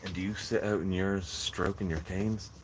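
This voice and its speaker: A man's voice: low voice, fairly even intonation, moderate pace, slight background noise. A man chatting casually on a gardening live stream, rambling and joking with viewers from his greenhouse. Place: in a greenhouse in the rain.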